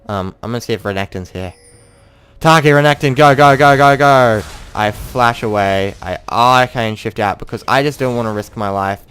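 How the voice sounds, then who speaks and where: A man's voice: fairly low pitch, a bit bright, clear, resonant tone. A young man giving casual, self-mocking commentary over his own gameplay and acting out what he said in the match. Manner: chatty, self-mocking, acts out his own in-game quotes.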